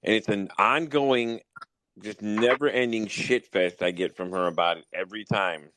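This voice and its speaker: A man's voice: on the low side, moderate pace, a bit bright, dry recording, poor audio. A young adult man hosting a casual podcast chat, telling profane stories and getting worked up as he talks. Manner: profane, storytelling, gets worked up. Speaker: podcast host.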